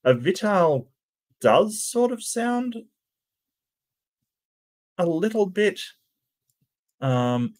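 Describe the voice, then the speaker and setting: A man's voice: high voice, sing-song, very slow, pauses often. A man hosting a channel, giving casual reaction commentary in a hesitant way, with lots of stammered restarts and ums. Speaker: channel host reacting to cartoon clips.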